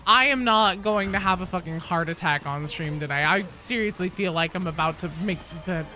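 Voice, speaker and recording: A woman's voice: fairly low pitch, normal speed, faint music behind. A young adult woman streaming a game, chatting casually with her viewers and swearing freely as she plays. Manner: animated, swears freely, talks to chat while playing. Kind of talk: casual live-stream chat while gaming.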